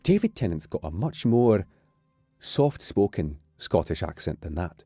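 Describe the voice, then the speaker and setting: A man's voice: low-pitched, unhurried, no room sound, clean studio sound, soft background music. A man with an English accent, chatting casually and jokingly on his stream. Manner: rambling, joking, animated. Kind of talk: casual chat.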